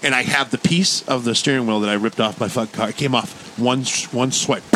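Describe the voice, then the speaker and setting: A man's voice: mid-range voice, fairly quick, fairly bright tone, rough recording. Man, casual chat, profane storyteller, faint background hiss. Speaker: co-host.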